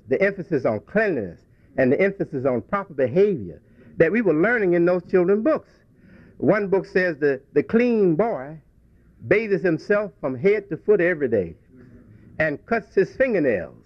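High-voiced man telling a story. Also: no echo. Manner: storytelling, folksy, with frequent restarts. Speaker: religious speaker. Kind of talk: reflective talk to a congregation. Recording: dull dry lo-fi recording.

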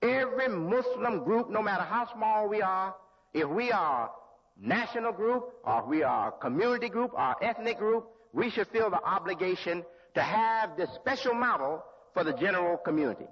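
A man preaching a sermon as a religious leader, slow and deliberate, with pauses and restarts. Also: sits high, expressive, husky. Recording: lo-fi hall recording with long reverb.

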